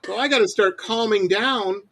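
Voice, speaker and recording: A man's voice: high voice, normal speed, low-quality recording. A middle-aged man hosting a radio interview, chatting casually and acting out his own rants as he tells stories. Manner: animated storyteller, acts out his own rants. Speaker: radio show host.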